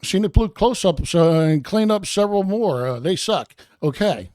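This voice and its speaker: A man's voice: high-pitched, animated, normal speed, a little mellow, no echo, studio quality. A man hosting a show with rambling, sarcastic commentary, meandering and talking to his chat. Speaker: show host.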